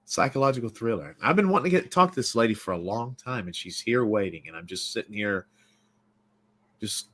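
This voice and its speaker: Tennessee-accented host, bright tone, loose joking rambler. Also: male voice, lowish voice, lively intonation, a little fast. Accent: East Tennessee. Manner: joking, rambling, self-deprecating. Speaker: podcast host. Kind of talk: casual comedic interview.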